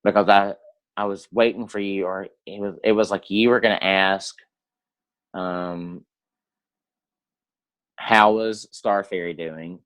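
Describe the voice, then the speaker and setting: A man chatting as a podcast guest, halting and hesitant, with many pauses and restarts. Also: low voice, steady tone, a bit bright. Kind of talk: casual chat.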